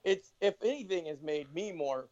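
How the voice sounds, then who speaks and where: A man chatting as a guest on a casual podcast, his voice sitting a little high. He rambles, swears, and restarts his sentences often. The sound is dry and slightly dull. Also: expressive, normal speed, darkish tone, dry recording. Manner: loose, swearing, many restarts and voiced asides. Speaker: podcast guest, band member.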